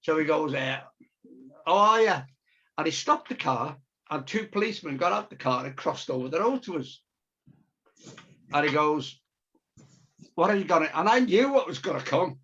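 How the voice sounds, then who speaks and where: A man's voice: on the high side, lively intonation, normal speed, pauses often, sharp tone, slightly rough. A man, an illustrator, telling a long chatty anecdote over a video call and acting out the voices of the people in it. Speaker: storyteller and illustrator. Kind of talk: casual storytelling on a video call. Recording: dull lo-fi video call audio.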